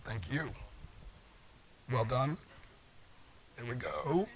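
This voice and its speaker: A man's voice: medium pitch, big pitch swings, very slow, slight background noise. A middle-aged man giving a live talk in a large conference hall, joking playfully with the audience. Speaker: conference speaker.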